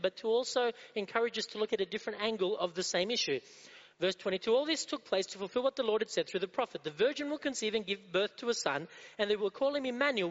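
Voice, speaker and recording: A male preacher delivers a sermon, throwing rhetorical questions out to the congregation and driving his points home through repetition. His voice sits high for a man. The recording is dull and muffled, with a long reverb trailing off in a hall. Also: a bit bright.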